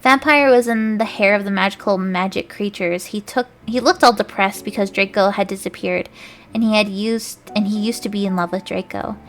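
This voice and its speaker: A woman's voice: mid-range voice, moderate pace. A woman streamer reading fanfiction aloud, giggling and stumbling over the words.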